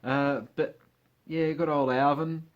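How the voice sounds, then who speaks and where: A man's voice: a little high, steady tone, slow pace, lo-fi sound. A man, chatting casually as a vlogger, joking and laughing to himself as he leafs through an old magazine. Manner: chatty, giggly, joking asides while leafing through a magazine. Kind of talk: casual chat.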